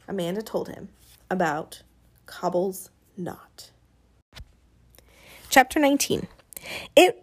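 A woman narrating an audiobook in scripted, lively storytelling. Her voice sits in a middle pitch, even and clear. She moves through the story with energy.

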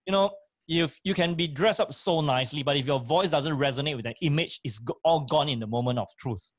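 A man's voice: on the high side, fairly quick, no room sound. Man, talk show voice coach, emphatic, repeats points, dry close sound. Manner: emphatic, repetitive, fillers like uh. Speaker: voice and speaking coach. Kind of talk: instructive talk show advice.

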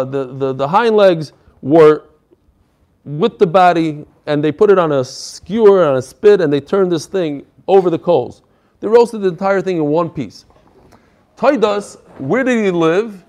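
Male Talmud teacher with a fairly high voice, explaining text in an animated, emphatic way. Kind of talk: Talmud class lecture.

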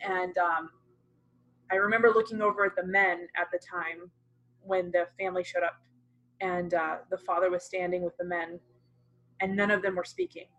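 A woman's voice: lowish voice, steady tone, normal speed, long pauses, fairly bright tone, rough recording. A woman in casual conversation, telling a personal story earnestly and with animation, using plenty of fillers.

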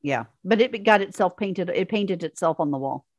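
A woman's voice: lowish voice, lively intonation, moderate pace, darkish tone. A woman co-hosting a casual film chat who points out trivia in a matter-of-fact way. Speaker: podcast co-host.

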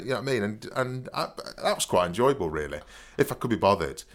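A man in a relaxed chat, telling a long tale with plenty of false starts and asides. His voice sits low, but it bounces up and down with lively expression. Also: fast talker. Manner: animated, stammering restarts, frequent "you know what I mean". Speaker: podcast co-host. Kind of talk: casual storytelling chat.

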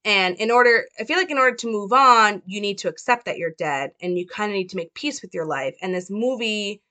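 A woman's voice: mid-range voice, lively intonation, a little fast, sharp tone. A young woman talking casually as she analyzes a film, chatty and hedging. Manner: chatty, hedging, full of fillers. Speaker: film commentator.

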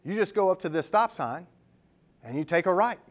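A man doing a calm, dry-witted dad. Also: high-pitched, fairly quick. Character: calm, sly older father mowing lawns.

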